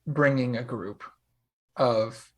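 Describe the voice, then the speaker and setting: Slow, hesitant male player. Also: mid-range voice, a bit bright. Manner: hesitant, many fillers.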